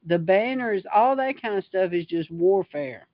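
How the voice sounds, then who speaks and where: Reading scripture and then riffing on it, a woman delivers a fervent, emphatic informal sermon over livestream. Her medium-pitched voice is animated but measured in pace, and the dry recording sounds dull.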